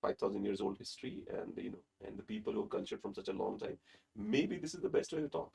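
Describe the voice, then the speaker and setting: A man's voice: lowish voice, lively intonation, quick pace, creaky, darkish tone, breathy edge, poor audio. A man from India with an Indian accent, hosting an interview and eagerly explaining at length. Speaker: host. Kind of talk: casual interview chat.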